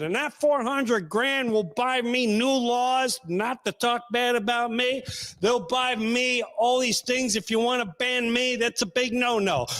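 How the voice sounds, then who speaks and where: A man with a high-pitched voice holds forth as a show host. He talks in a loud, emphatic way, often raising his voice, and acts out small scenes in the middle of his commentary. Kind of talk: animated political commentary.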